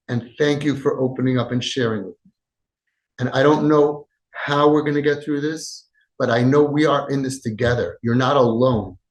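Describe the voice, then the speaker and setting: A man hosting a parenting podcast, giving impassioned advice with shifts between loud and soft and acting out quoted lines. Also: medium pitch. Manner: emphatic, acts out quoted dialogue, swings between loud and soft. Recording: echoey room.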